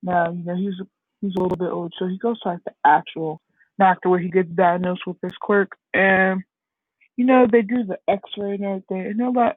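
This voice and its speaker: A woman's voice: lowish voice, a little fast, dry recording. A woman casually telling a fan-made story, rambling with many fillers. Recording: husky, dry, phone-like lo-fi audio.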